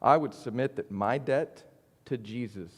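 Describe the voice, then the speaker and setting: A man's voice: medium pitch, a little slow, long reverb tail. A man teaching an adult Bible study in a conversational, earnest way, often checking in with "right?". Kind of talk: church Bible study lesson.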